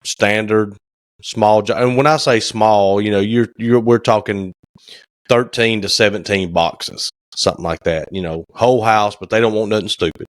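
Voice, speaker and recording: A man's voice: fairly low pitch, steady tone, moderate pace, no room sound, studio quality. Folksy man telling a story. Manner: folksy storyteller, acts out phone calls. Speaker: podcast co-host, cabinet maker. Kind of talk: casual chat.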